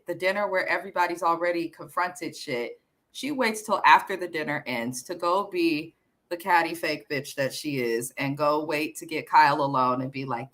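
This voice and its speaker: A woman's voice: lowish voice, fairly bright tone. A woman hosting a casual show recap, talking bluntly and gossiping with frequent swearing. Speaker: podcast host.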